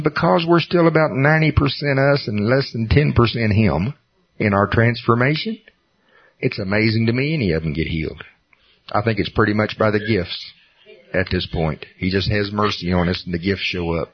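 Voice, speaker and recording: A low, husky-voiced middle-aged man delivers a sermon, mixing earnest testimony with self-deprecating humor. The recording sounds dull and lo-fi. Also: expressive, moderate pace, long pauses. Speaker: preacher.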